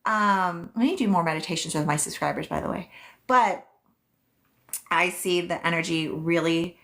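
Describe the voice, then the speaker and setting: A woman's voice: fairly low pitch, normal speed, a bit bright. A woman working as a psychic reader, hosting a casual live stream where she answers viewers' questions in a chatty way, with many "um"s and "like"s.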